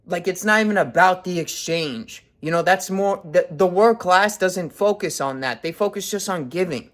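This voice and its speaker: A man's voice: high-pitched, normal speed, a bit bright. A man in his twenties giving a blunt, profanity-heavy motivational rant as a vlogger. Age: 20s. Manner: blunt, heavy swearing, intense.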